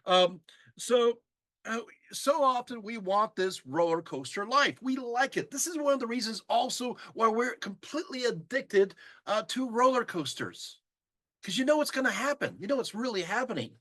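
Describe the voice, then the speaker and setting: Animated high-voiced male lecturer. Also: no echo. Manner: animated, acts out audience reactions with laughs. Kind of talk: live lecture to an audience.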